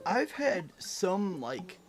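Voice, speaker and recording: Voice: medium pitch, drawn-out words. Streamer ranting at chat, swears a lot, voice jumps all over, bit of music under it. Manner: animated, exasperated teasing rant with swearing. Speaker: live streamer. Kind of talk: casual live-stream chat.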